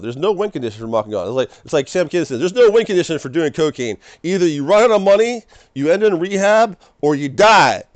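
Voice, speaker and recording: A man streams a loose, excitable talk about faith, circling back on himself and laughing between points. His voice sits at an ordinary middle pitch. The sound is dry and close, with no room echo. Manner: rambling, excitable, laughs often. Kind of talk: casual preaching monologue.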